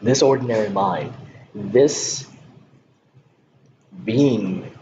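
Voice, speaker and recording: A man giving a Zen dharma talk, speaking in a halting way with many pauses and soft laughs. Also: lowish voice. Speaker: Zen teacher. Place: meditation hall. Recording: dull lo-fi recording with background noise.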